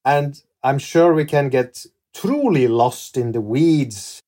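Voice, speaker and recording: A man's voice: medium pitch, expressive, takes it slowly, warm tone. Man hosting a podcast interview. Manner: casual questions mixed with passages read from prepared notes. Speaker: podcast host.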